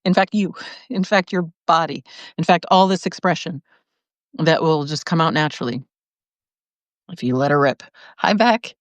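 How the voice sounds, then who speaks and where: A woman hosting a live video, reading out viewer comments and answering in an animated way, laughing often and restarting her sentences. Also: low-pitched, normal speed, pauses often, dry recording. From lived in Chicago, now in California. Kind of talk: casual live-stream talk.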